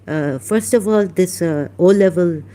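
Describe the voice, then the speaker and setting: Low, slow-talking woman. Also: warm tone. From Pakistan. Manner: meandering, self-interrupting, mimics accents. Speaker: vlogger. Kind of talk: rambling personal monologue.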